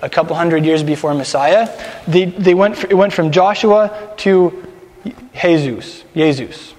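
A man's voice: high-pitched, fairly even intonation, moderate pace, a little mellow, big-room sound. A man teaching a congregation in a chatty sermon, often repeating words and having listeners repeat after him. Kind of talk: conversational sermon.

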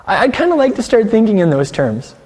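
A man delivers an earnest sermon and puts questions to his congregation. His voice sits fairly high with a mellow, dark tone. The room gives it a long, ringing reverb. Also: very animated, brisk, slightly rough. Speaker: congregation teacher.

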